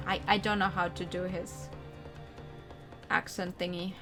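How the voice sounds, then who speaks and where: A woman's voice: lowish voice, little pitch movement, a little slow, pauses often. Woman streaming a game, chatty asides, reads all the parts, music in the background. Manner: casual, self-deprecating asides. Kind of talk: let's play, reading all parts.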